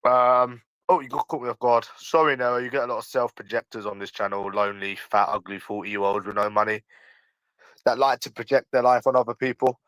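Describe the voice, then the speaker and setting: A medium-pitched young man talks briskly in a clean, somewhat bright tone, with no room sound and poor audio. In his early twenties and London-accented, he hosts a laid-back livestream, pushing back at chat in slang and repeating points defensively.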